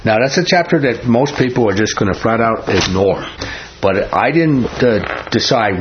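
A man's voice: medium pitch, expressive, moderate pace, muffled recording, slight background noise. A man teaching a Bible chapter verse by verse in a folksy way, often asking "right?" and laughing.

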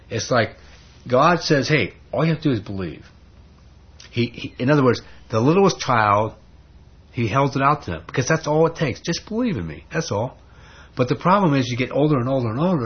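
A man's voice: mid-range voice, breathy edge. A man preaching a sermon in an emphatic, conversational way, often asking rhetorical questions. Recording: dull lo-fi sermon recording.

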